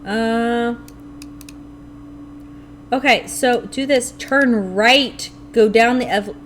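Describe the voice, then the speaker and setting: Animated young woman streamer, higher voice. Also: very slow, a little hiss or hum. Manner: animated, talks to herself and chat, grumbles playfully. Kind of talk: live gameplay commentary.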